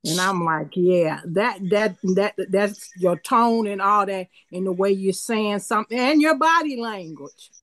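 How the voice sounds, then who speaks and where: A woman's voice: mid-range voice, expressive, unhurried, few pauses, fairly bright tone. A woman with a grown son, telling a story as a guest in a podcast discussion, repeating a favorite saying. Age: older. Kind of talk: casual group discussion.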